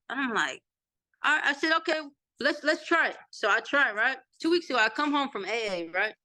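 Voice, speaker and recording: A woman in her thirties with a Texan accent tells a story in casual conversation and acts out every line of dialogue as she goes. Her voice sits a little high and has a bright, forceful edge. The recording is dry and close, with almost no room sound. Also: fairly quick, no room sound. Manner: animated retelling with quoted dialogue. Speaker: interview guest.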